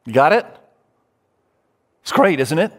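Man, pastor, sermon, fairly high voice, emphatic, long hall reverb. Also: very animated, measured pace, a bit bright. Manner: emphatic, builds lists, speaks straight to listeners.

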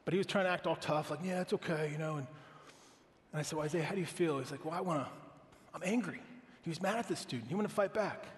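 A pastor in his thirties, his voice fairly high, preaches a sermon in an earnest, conversational way and often asks the congregation questions. The audio has a big-room sound.

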